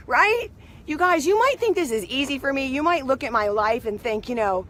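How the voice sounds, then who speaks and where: A woman with a high, bright-sounding voice gives a casual spiritual pep talk. She tells her story in an animated way and keeps checking in with her listeners. Her voice swings between soft asides and loud bursts. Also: moderate pace, slight background noise. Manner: animated, keeps asking "right?". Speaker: motivational speaker.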